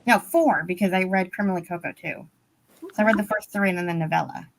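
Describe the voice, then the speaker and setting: A woman's voice: lowish voice, fast talker, creaky, noisy background. A woman guest on a video-call book chat, talking frankly and conversationally with many fillers, through a laptop microphone. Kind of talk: casual chat. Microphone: laptop mic on a video call.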